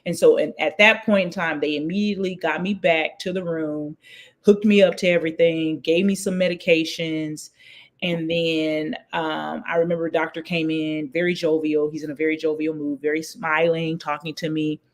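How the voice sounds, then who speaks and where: Animated woman telling a story. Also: moderate pace. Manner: lively, acts out quoted voices with big pitch jumps. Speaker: guest storyteller. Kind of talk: personal storytelling in an interview.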